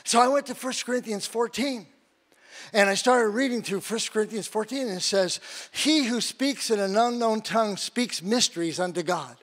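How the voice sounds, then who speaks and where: A man's voice: high-pitched, moderate pace, fairly bright tone. An older man preaching, telling a personal story with acted-out quotes and laughs. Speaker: guest preacher. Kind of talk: sermon with personal testimony.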